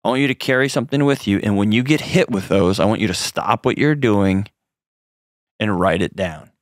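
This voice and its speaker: A man's voice: fairly low pitch, normal speed, dry recording, studio quality. A man hosting a call-in advice show, coaching a caller in an earnest, direct way with frequent restarts.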